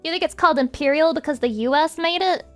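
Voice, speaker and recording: A woman's voice: sits high, fast talker, fairly bright tone, faint music behind. A woman streamer chatting casually with her viewers in a profane, rambling rant.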